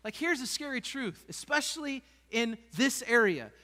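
Bright-voiced man preaching in a church hall. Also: very high-pitched, expressive, moderate pace. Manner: passionate preaching with rising, emphatic peaks. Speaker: pastor. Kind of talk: sermon. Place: church sanctuary.

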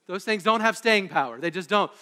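A man preaching a sermon, animated and excitable, building to eager bursts as he teaches about an old hymn. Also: high-pitched, a little fast, big-room sound. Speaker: pastor. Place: church sanctuary.

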